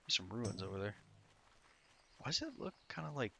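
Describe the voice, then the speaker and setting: A man's voice: fairly low pitch, sing-song, fairly quick, gravelly, a bit bright, slight background noise. A tired, sleepy man casually commenting on his gameplay to himself, rambling and swearing. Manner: rambling, profane, self-talking. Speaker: streamer playing an online game.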